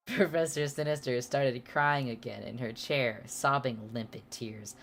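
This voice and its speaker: A woman's voice: a bass voice, slow, slight background noise. A woman streamer reading a fanfic aloud for laughs, often breaking into amused asides and hamming up the character lines. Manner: playful, exaggerated delivery of character lines. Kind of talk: comedic dramatic reading with asides.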